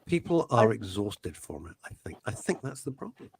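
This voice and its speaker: Passionate, lively-voiced male talk host. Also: lowish voice, normal speed, gravelly, slight background noise. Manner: passionate, emotional, rambling with restarts. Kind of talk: radio talk show chat.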